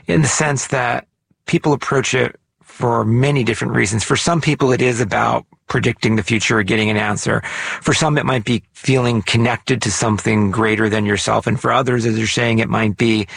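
A man hosting a podcast, narrating and interviewing in a measured, explanatory way. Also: mid-range voice, creaky, a bit bright, husky, no room sound. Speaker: podcast host.

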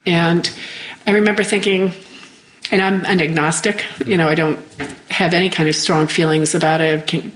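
A middle-aged woman with a somewhat low voice tells a personal story in an interview. She speaks in a halting, reflective way and often trails off before she finishes a thought. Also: fairly even intonation, a little hiss or hum, low-quality recording. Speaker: interview guest.

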